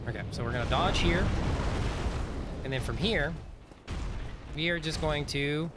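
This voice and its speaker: A man's voice: fairly high pitch, measured pace, heavy background noise. A man streaming a game live, talking casually to his chat in a rambling, chatty way with many fillers.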